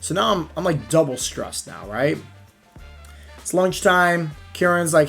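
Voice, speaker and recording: A fat-loss coach with a slightly high voice talks in an energetic, casual motivational style. He keeps the listener engaged with stories and frequent check-ins. Soft music plays faintly underneath. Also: moderate pace, gravelly, breathy edge.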